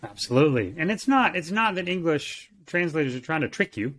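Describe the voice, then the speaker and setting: A man's voice: on the high side, very animated, a little fast, a bit bright, slight background noise. A man co-hosting a Bible language lesson, speaking thoughtfully and repeating words as he searches for phrasing. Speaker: co-host and teacher. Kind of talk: conversational teaching.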